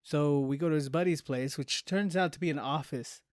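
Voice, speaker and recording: Young male podcast co-host, slightly high voice, dry close sound, lively storyteller who swears. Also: normal speed, no room sound. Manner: animated storyteller, acts out quoted voices, swears freely. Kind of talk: casual chat.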